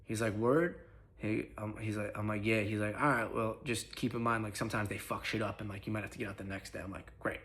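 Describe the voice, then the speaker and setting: A young man with a somewhat low voice tells a personal story in a relaxed, streetwise way. He curses often and peppers his speech with slang. He acts out what others said in quick snatches. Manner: profane, slangy, quick retelling with acted-out quotes. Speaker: vlogger. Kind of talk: casual storytelling.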